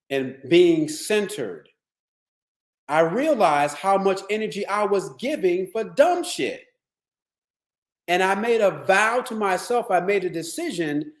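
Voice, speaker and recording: A man giving a motivational wellness talk to lawyers. He tells stories in a streetwise, profane, animated way. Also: high voice. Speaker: wellness speaker. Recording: echoey room.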